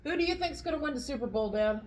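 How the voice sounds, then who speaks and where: A woman's voice: high-pitched, expressive, fast, poor audio. Chatty woman vlogging over dinner. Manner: chatty, rambling, fillers while eating. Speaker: vlog host. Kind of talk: casual chat at the dinner table.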